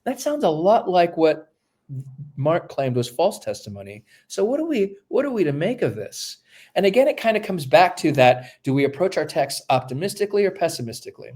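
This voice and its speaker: This podcast guest, a male New Testament scholar, has a sing-song, slightly mellow voice on the high side and speaks fairly quickly. He lectures through the texts step by step, restarting often and filling pauses as he thinks aloud.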